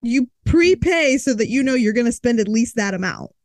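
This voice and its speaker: A woman's voice: fairly high pitch, lively intonation, normal speed, dry recording. A young woman co-hosting a podcast in casual chat, with wry, dry quips. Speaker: podcast co-host.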